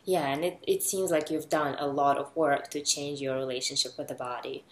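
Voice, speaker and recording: Low-voiced gentle woman host. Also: steady tone, echoey room, slight background noise, poor audio. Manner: gentle, supportive, asks slow careful questions. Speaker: interview host. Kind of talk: casual interview conversation.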